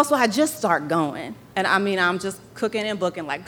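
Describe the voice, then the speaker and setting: A woman telling a personal story live on stage before an audience, animated and laughing as she acts out dialogue. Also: medium pitch, normal speed, hardly any pauses, a little hiss or hum.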